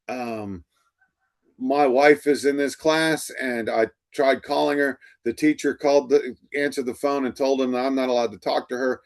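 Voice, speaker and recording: A middle-aged male instructor lecturing to a class, telling stories and acting out the dialogue. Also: medium pitch. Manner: storytelling, acts out quoted dialogue.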